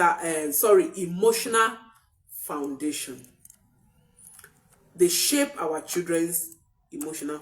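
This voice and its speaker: A woman parenting coach talks with a lively, rising and falling voice. She leans on repetition to drive each point home. Her voice sits at some distance from the microphone. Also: lowish voice. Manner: expressive, repeats key phrases for emphasis. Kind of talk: motivational parenting talk.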